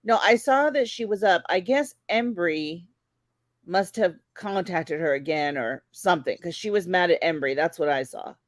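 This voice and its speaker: A woman who has just woken up, joining a livestream chat in a drowsy, soft-spoken way. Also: on the low side, normal speed, dry recording, clean studio sound. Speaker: livestream guest.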